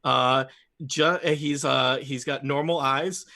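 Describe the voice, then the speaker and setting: A man's voice: mid-range voice, fairly even intonation, takes it slowly, creaky, sharp tone. A man running a tabletop game as game master, narrating in a rambling, self-interrupting way.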